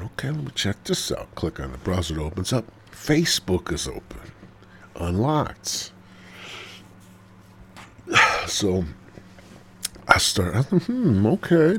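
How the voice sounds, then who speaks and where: A man's voice: low-pitched, very animated, unhurried, pauses often, slight background noise. A man hosting a podcast, telling a rambling, profane story full of fillers and dropping into whispers. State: smoking while talking, coughing. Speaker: podcast host. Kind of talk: casual storytelling monologue.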